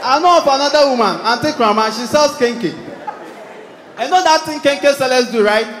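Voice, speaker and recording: A man doing stand-up comedy with a Ghanaian accent, animated and shouting his punchlines while acting out characters. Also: very high voice, normal speed, slight background noise. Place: live stage before an audience. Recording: echoey hall, loud crowd.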